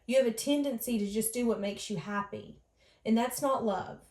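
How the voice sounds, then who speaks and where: A woman's voice: a little high, normal speed, a little mellow, reverberant. A woman giving an earnest, emotional tarot reading, voicing other people's thoughts in the first person. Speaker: tarot reader.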